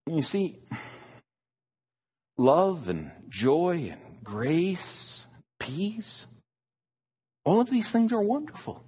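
Slow, husky preacher in a reverberant hall. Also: male voice, high voice, very animated, mellow. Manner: emphatic, stresses single words. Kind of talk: sermon.

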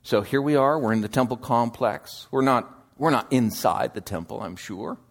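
A man preaching a sermon, slow and deliberate, swinging between loud emphasis and hushed asides. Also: mid-range voice, gravelly.

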